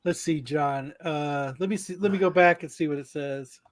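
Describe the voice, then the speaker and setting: A man's voice: a little high, moderate pace. A man co-hosting a podcast, reading out sales notes in a casual, joking way and swearing freely. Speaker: podcast co-host.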